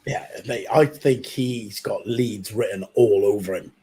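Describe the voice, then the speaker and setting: Co-hosting a football watchalong, a man stays easygoing and agreeable, tossing in some teasing banter. He talks a little slowly in a warm, fairly low voice.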